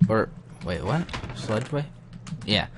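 Young man, low voice, casual game commentary, easily frustrated, faint noise behind. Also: sing-song, slow pace. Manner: muttering, easily frustrated, self-talking. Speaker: gaming channel host.

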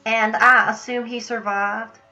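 Bright-voiced woman host, unhurried. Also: on the high side, flat delivery, low-quality recording. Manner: playful, leading questions. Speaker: show host, interviewer. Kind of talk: casual interview.

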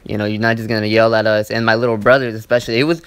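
A man's voice: lowish voice, level tone, very fast, a bit bright, clean tone, dry recording. A young man telling a story in a casual, rambling way, swearing often and filling his talk with "like" and "you know.". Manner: rambling, profane, heavy use of "like" and "you know". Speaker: gaming channel host. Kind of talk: casual storytime over gameplay.

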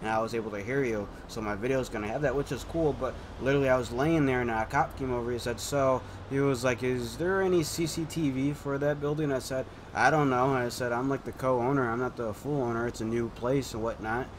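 A man's voice: medium pitch, steady tone, a little fast, few pauses, slight background noise. A man casually recounting a roleplay session in a rambling way, restarting sentences and quoting the others. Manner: rambling, restarts often, quotes others as he tells it. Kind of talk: casual chat.

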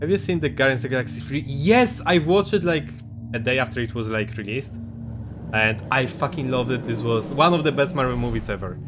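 Male streamer, casual excitable chat, mid pitch, game music behind. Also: a little fast. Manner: chatty, excitable, reads chat and game text aloud. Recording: game music playing under the voice.

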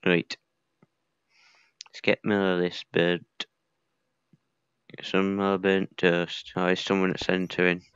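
A man's voice: low-pitched, completely flat delivery, slow pace, pauses often, a bit bright, clean tone, dry recording, muffled recording. A young man casually commenting while playing a survival game, muttering to himself with mild swearing. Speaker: gaming video creator. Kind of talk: casual let's-play commentary.

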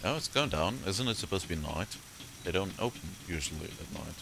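A man giving casual gameplay commentary, excitable, swearing and laughing often. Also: low-pitched, brisk, vocal fry, background noise. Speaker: let's play gamer.

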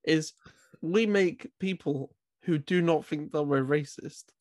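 A man's voice: fairly high pitch, takes it slowly, a little mellow, no echo, clean studio sound. A young man co-hosting a podcast, talking in an awkward, giggly, rambling way in casual chat. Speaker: co-host. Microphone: desk mic that crackles.

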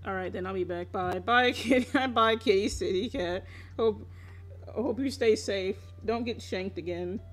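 A woman's voice: mid-range voice, measured pace. A young woman chatting casually on a live stream while she draws, laughing often, swearing freely and teasing her viewers.

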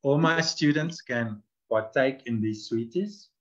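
A man's voice: medium pitch, a little slow, a bit bright, dull audio. A man who is a guest teacher, explaining Christian ideas in conversation and illustrating them with stories. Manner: storytelling, with voiced quotes.

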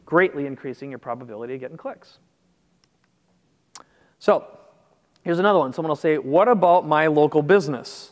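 In a large hall, a man with a slightly high voice gives a marketing seminar with slides. He keeps it conversational and regularly checks in with listeners, asking "make sense?"

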